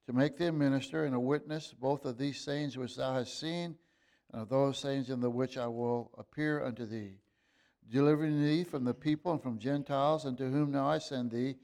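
A man preaching a sermon, reading scripture aloud and explaining it in a halting way, with fillers and restarts, rising to emphatic bursts. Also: medium pitch, darkish tone. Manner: reads scripture in old-fashioned wording.

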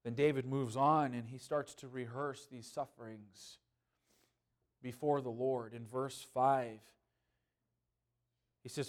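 A man, a pastor, preaching a sermon with passion, swinging between loud pleading and hushed earnestness. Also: medium pitch, steady tone, takes it slowly, pauses often.

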